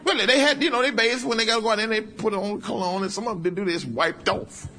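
Man preaching, kinda high voice, jokey folksy sermon. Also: quick pace, pushed and bright, a little hiss or hum. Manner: humorous, folksy preaching with acted asides. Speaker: pastor.

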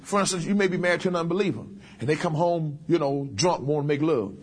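Folksy preaching man, somewhat high voice. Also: fast, slightly rough. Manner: humorous, folksy preaching with acted asides. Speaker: pastor. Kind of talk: sermon.

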